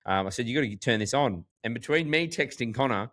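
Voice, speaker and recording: A man with an Australian accent, co-hosting a podcast in casual chat, full of "like" and animated storytelling. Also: mid-range voice, fast talker. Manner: chatty, heavy use of "like", animated storytelling. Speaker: podcast co-host.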